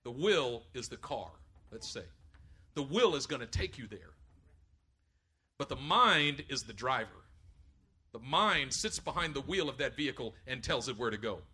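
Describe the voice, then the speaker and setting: Husky guy preaching, high bright voice, swings up and down a lot. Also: moderate pace. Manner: animated preaching, acts out voices in stories. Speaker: pastor. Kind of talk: sermon.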